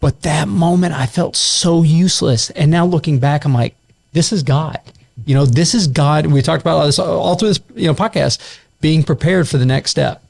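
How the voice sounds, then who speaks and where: A man's voice: a little high, moderate pace, vocal fry, darkish tone. A man co-hosting a podcast, telling a heartfelt personal testimony in a casual, earnest way. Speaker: podcast co-host.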